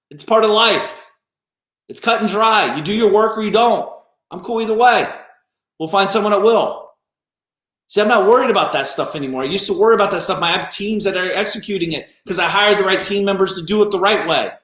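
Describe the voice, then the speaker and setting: A man's voice: high-pitched, fairly quick, a bit bright, echoey room. A man who runs a business, giving a blunt, profane, scolding motivational rant on a live stream. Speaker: business owner.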